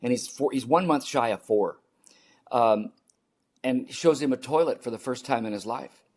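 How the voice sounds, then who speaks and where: A man's voice: medium pitch, moderate pace, darkish tone. Man, 70s, interview guest; earnest storyteller, repeats for emphasis. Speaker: podcast guest.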